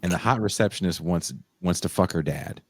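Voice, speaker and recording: A man with a very low, deep voice co-hosts a podcast in casual chat. He retells a story with animated energy and jumps into sudden high shrieks when he acts out the quotes. The sound is dry and close to the mic. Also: fairly quick, no echo. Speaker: podcast co-host.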